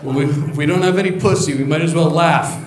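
A man's voice: fairly high pitch, fast talker, background noise. A male stand-up comedian doing crude, teasing crowd work, riffing off people in the audience. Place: live comedy venue. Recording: echoey room with crowd. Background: audience laughing.

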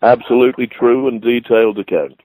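A man telling a vivid anecdote as a guest, animated and expressive, heard over a dry, phone-like line. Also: medium pitch, brisk, a crowd in the background. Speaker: storytelling guest. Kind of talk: anecdotal storytelling.

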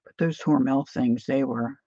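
A woman with a gravelly, mellow voice talks through a painting demonstration in a relaxed, chatty way, wandering off into side stories as she works. The sound is dry and a little dull and lo-fi. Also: rumbling low, moderate pace, no echo. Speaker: painting tutorial host.

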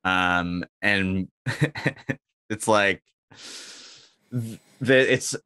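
A man with a fairly low voice rambles through goofy ideas on a casual podcast, full of ums and restarts. His sound is dry and close to the mic, with no room around it. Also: extremely slow, pushed and bright, smooth, dry recording. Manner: rambling, many fillers, acts out quoted lines in a raised voice. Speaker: podcast co-host. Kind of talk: casual comedic chat.

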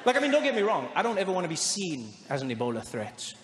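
A man from doing animated stand-up storytelling, acting out the people in his story, live on stage. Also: sits high, quick pace. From South Africa. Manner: animated, acts out voices. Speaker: stand-up comedian. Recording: live show in an echoey hall with audience noise.

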